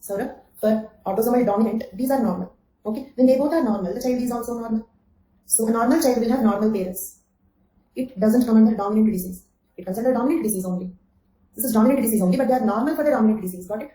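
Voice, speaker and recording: Here the anthropology teacher sounds mellow, her pitch on the high side and her delivery quick. The online exam-coaching session has her repeating phrases, checking "okay?" and calling students by name, though the sound is reverberant and poor.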